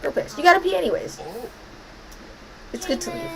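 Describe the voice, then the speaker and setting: A woman's voice: very high voice, a little fast, gravelly, a crowd in the background, poor audio. A woman streaming a life-sim game, commenting playfully and bossing her characters around. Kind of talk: live gameplay commentary.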